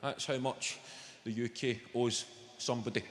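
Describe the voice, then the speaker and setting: A man's voice: medium pitch, fairly even intonation, normal speed, heavy background noise. A man with a Glaswegian accent doing brash, sweary stand-up comedy in a large venue, chatting with the crowd. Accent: Scottish, Glaswegian. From Scotland. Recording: echoey live hall with loud crowd laughter.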